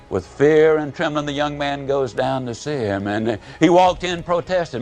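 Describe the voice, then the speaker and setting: A man giving a motivational speech to an audience, telling stories with dramatic pauses and big drops in pitch and volume. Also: darkish tone, soft background music. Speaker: motivational speaker.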